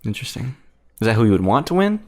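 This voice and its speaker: A man's voice: medium pitch, sing-song, quick pace, a little mellow. A young man co-hosting a podcast, teasing his friend with dry, short remarks. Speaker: podcast co-host. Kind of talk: casual chat.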